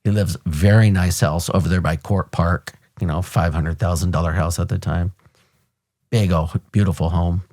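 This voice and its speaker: A man in his fifties from the United States, a podcast host and retired police officer, telling a story in a blunt, animated way and swearing casually. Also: sits low, moderate pace. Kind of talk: conversational storytelling.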